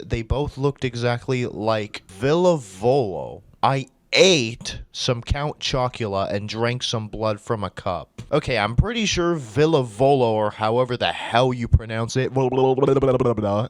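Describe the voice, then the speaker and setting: A man's voice: mid-range voice, a little slow, hardly any pauses, dry recording. A man doing a comedic reading aloud, breaking off into exasperated, swearing reactions. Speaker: video creator.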